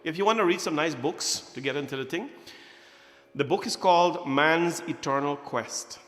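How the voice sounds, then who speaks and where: A man's voice: fairly high pitch, normal speed, fairly bright tone. A man in his forties, a temple priest, telling a childhood story at a prayer gathering, joking, laughing and acting out voices. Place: temple hall. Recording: echoey hall, faint music behind.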